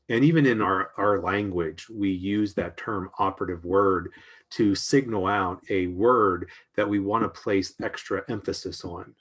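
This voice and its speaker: A man's voice: sits low, a bit bright. A middle-aged man talking casually on a livestream as he works in an art journal, reflective and rambling, with frequent ums and restarts.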